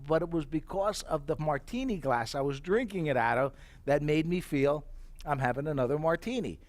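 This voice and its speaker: A middle-aged man giving a live sales pitch for tableware, an animated storyteller who acts out his own reactions. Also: a little fast.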